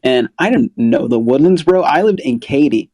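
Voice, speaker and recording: A man's voice: mid-range voice, lively intonation, normal speed, a little mellow. A man hosting a casual group audio chat as a broker, talking in a laid-back, slangy way with lots of fillers. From Texas. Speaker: apartment locating broker and host.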